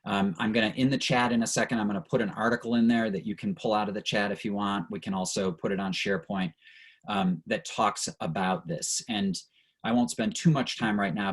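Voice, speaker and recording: A man's voice: on the low side, moderate pace, low-quality recording. A middle-aged man leading an online training session over a video call, earnest and reflective, and openly emotional at times.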